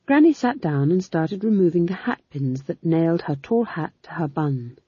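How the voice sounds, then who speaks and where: A woman reads a story aloud in a low, husky voice. Her pace is slow and her pitch moves a lot. The recording is dull and dry. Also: no room sound. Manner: measured, expressive storytelling. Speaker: narrator. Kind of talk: audiobook narration.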